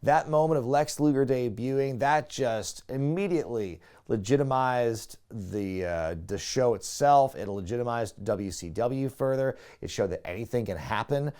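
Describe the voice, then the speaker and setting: A man giving a casual, chatty review of an old wrestling show, excitable and prone to laughing at his own asides. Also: medium pitch, normal speed, hardly any pauses. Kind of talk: casual video review commentary.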